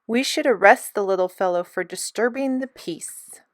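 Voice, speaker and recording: A woman's voice: mid-range voice, moderate pace, no echo, studio quality, lightly acted. A woman reading a storybook aloud and voicing a jolly, bumbling male policeman with a hearty, gallant manner. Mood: amused.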